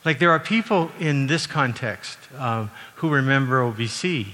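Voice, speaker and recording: A middle-aged man from Canada preaching a sermon in a relaxed, conversational way, with frequent fillers and self-corrections. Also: mid-range voice, normal speed. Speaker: university president and former minister. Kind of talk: sermon with personal anecdotes. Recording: long reverb from a large hall.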